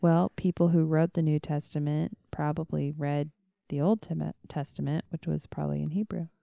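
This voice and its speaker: A woman's voice: low voice, fairly even intonation, normal speed, gravelly, warm tone, no echo. A woman co-hosting a podcast in casual chat, chatty and laughing often as she thinks aloud. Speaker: podcast co-host.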